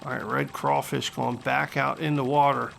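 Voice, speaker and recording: A man hosting a video game channel, commentating gameplay with excitable, joking trash talk, over guitar music. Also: medium pitch, moderate pace, gravelly, slight background noise. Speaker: gaming channel host.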